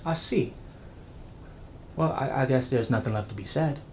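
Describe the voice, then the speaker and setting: Young actress as a buttoned-up young lawyer husband; dry, sarcastic, lively pitch, scene-study reading. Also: female voice, moderate pace, a little hiss or hum. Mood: snippy. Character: proper dignified young male lawyer husband. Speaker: acting student. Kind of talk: scene study stage acting.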